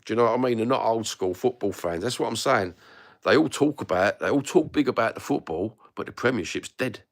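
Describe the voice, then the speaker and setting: A man's voice: fairly low pitch, animated, fairly quick. A middle-aged man with a London accent, ranting bluntly and swearing freely while chatting casually to a live audience. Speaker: livestream host reading chat. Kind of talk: casual live-chat rant. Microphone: phone.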